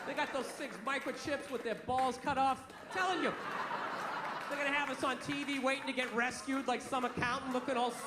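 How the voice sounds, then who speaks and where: A man's voice: extremely high pitch, steady tone, fairly quick, heavy background noise. A man in his forties doing a profane, ranting stand-up routine in a comedy club with a live audience. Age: 40s. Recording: echoey venue, loud crowd. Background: audience laughter.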